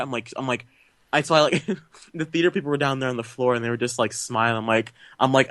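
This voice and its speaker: A man hosting a film podcast, telling a story with gusto and jumping up in pitch when he acts out what people said. His voice sits mid-range and sounds close and dry, with no room around it. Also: fast, dry recording. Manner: animated storyteller, acts out quotes with big pitch jumps. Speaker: podcast host. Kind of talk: casual podcast chat.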